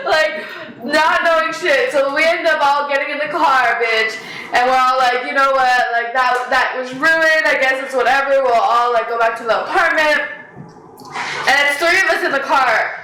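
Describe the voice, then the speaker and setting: A young woman casually telling a story on a podcast, animated, swearing often and laughing. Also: high-pitched, normal speed, roomy sound, slight background noise, low-quality recording. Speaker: podcast co-host.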